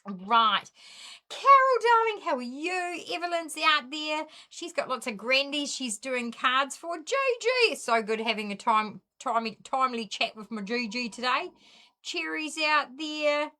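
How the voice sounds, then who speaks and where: Bubbly New Zealand woman, lively bright voice. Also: high voice, a little slow. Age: middle-aged. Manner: bubbly, greets viewers one by one. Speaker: craft live-stream host. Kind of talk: casual live-stream chat.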